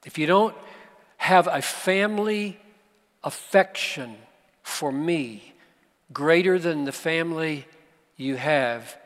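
A man preaching a sermon at a conference, slow and emphatic, with dramatic pauses. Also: a little high. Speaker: pastor. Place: large conference hall. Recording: live hall recording with long reverb.

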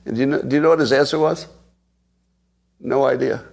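A man's voice: a little high, fairly even intonation, rapid-fire. A man in his sixties hosting a casual livestream, chatting and laughing as he tells stories to viewers. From United States. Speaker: podcast host.

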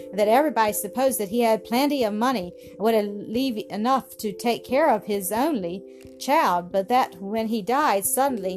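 Woman narrating a storybook over music. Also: mid-range voice. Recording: music playing behind.

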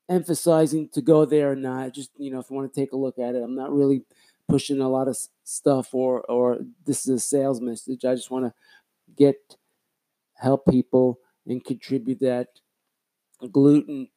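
A man's voice: medium pitch, dark tone. A man hosting his own solo podcast in a casual, rambling, chatty way, often correcting himself mid-sentence. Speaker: podcast host.

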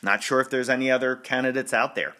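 A man's voice: medium pitch, fairly even intonation, sharp tone. A man hosting a sports podcast, rambling in casual chat and laughing often. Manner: rambling, chatty, laughs often, quick restarts. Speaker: podcast host.

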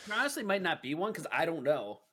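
A man's voice: fairly high pitch, big pitch swings, quick pace, pushed and bright, breathy edge. A man with a Scottish accent co-hosting a podcast, teasing and laughing a lot. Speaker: co-host. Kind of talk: casual podcast chat.

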